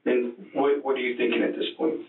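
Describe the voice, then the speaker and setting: A male detective fires off brisk, probing questions in a police interview, talking fast. He sounds distant and roomy on a thin, phone-like archive recording. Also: medium pitch, flat delivery, soft background music.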